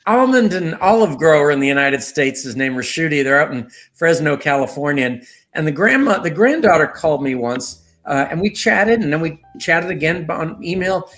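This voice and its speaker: A man in his sixties, a guest telling rambling, lively stories in a casual interview. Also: moderate pace. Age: 60s. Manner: rambling storyteller with lively pitch.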